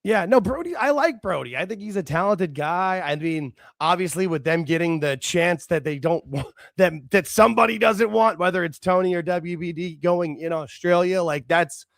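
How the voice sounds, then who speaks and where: A man co-hosting a casual wrestling talk show, excitable, talking in quick bursts with laughs and restarts. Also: high voice, gravelly, no echo, clean studio sound. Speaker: podcast co-host.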